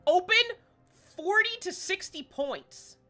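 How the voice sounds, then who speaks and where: A woman streaming a game live, chatting excitedly and rambling to herself as she plays. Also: very high-pitched, slow pace, faint music behind.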